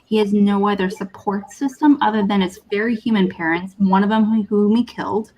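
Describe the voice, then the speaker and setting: A woman co-hosting a casual movie discussion, thinking aloud in halting, self-correcting sentences. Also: medium pitch, lo-fi sound. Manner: thoughtful, halting, restarts often. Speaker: podcast co-host.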